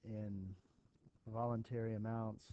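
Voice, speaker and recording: A man's voice: lowish voice, flat delivery, slow pace, muffled recording, a little hiss or hum. A man teaching a recorded statistics lesson, thinking aloud with fillers as he works through an example for his students. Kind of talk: recorded math lesson walkthrough.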